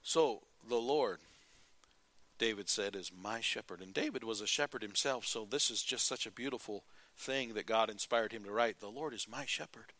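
A man preaching a sermon in an earnest style, rising to emphatic calls and dropping quiet. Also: lowish voice, moderate pace, dry recording. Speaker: pastor.

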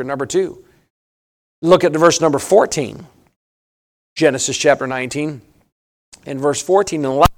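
A man delivers a sermon in a high voice. He hammers points by repeating them, rising to loud emphasis and then dropping low and quiet. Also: lively intonation, a little slow, gravelly, pauses often. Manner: emphatic, repeats phrases, swings between loud and hushed. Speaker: preacher.

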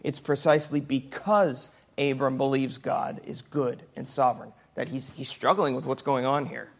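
A man's voice: mid-range voice, steady tone, moderate pace, vocal fry. A man teaching a Sunday school Bible class in a conversational way, often checking in with his listeners.

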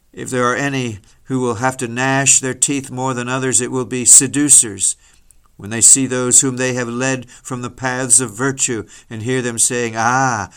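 A man preaching a solemn, dramatic sermon, mostly slow and grave with sudden rises in force. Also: mid-range voice, fairly bright tone. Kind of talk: sermon reading.

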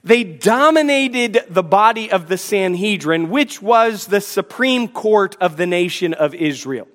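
A man with a high, bright voice preaching a sermon. He builds to forceful, emphatic lines, then drops into quick, self-mocking jokes with the congregation. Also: lively intonation. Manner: joking asides between intense preaching. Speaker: pastor.

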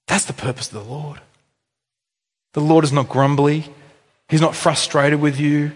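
A male pastor preaching a sermon in a church, telling stories in a chatty, animated way with offhand asides. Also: a little high, unhurried, pauses often, husky. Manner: animated storytelling, conversational asides. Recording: echoey hall reverb.

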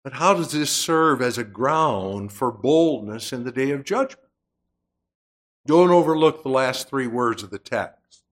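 A man preaching a sermon, slow and deliberate, with emphatic swells on key words. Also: mid-range voice, expressive.

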